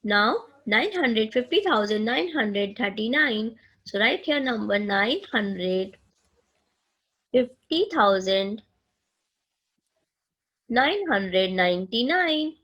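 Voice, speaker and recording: Slow-paced Indian woman teaching maths. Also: on the high side, lively intonation, fairly bright tone, low-quality recording. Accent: Indian English. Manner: slow and deliberate, addressing students, frequent "okay" checks. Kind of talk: recorded classroom lesson.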